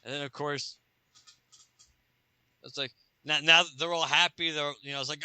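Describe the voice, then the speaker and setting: A man's voice: medium pitch, fairly even intonation, fairly quick, bright, forceful tone, smooth, no echo. A man co-hosting a podcast over a Skype call, chatting casually and laughing a lot as he acts out quoted lines in different voices. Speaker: podcast co-host. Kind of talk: casual comic book chat.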